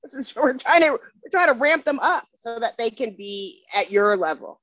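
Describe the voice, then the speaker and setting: A woman's voice: fairly high pitch, lively intonation, moderate pace, fairly bright tone, no room sound. A woman co-hosting a podcast interview, explaining her points in a firm, persuasive way. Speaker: podcast co-host. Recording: dry, slightly dull sound.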